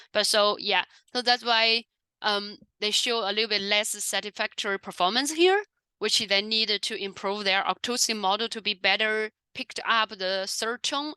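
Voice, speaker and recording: A woman's voice: medium pitch, bright, forceful tone, clear, resonant tone, dry recording. A woman giving an academic research talk, explaining step by step with frequent fillers and self-corrections. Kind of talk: academic conference presentation.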